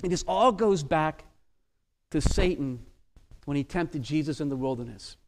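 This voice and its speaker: Male pastor, high-voiced, emphatic sermon delivery, dynamic and questioning. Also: animated, a little slow, slight background noise. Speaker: preacher. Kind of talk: expository sermon.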